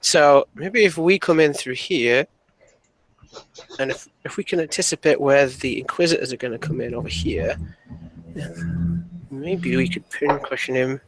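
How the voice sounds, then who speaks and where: A man's voice: medium pitch, animated, unhurried, long pauses, poor audio. A man voicing a scheming male naval captain who muses aloud over his maps. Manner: musing, thinking aloud.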